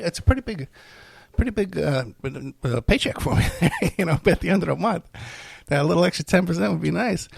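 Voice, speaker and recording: Here a middle-aged man hosts his podcast alone, rambling casually and poking fun at himself while seeming worn out and sick. The voice is fairly high in pitch with vocal fry, recorded with no room sound.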